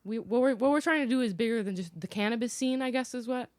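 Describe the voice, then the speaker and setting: A woman's voice: on the high side, fast, a little mellow, no echo, studio quality. A woman from Chicago speaking as a podcast guest in a basement. She talks it through thoughtfully, filling her sentences with "like". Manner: thoughtful, hedging with "like". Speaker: podcast guest, cannabis media founder. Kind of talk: casual podcast discussion.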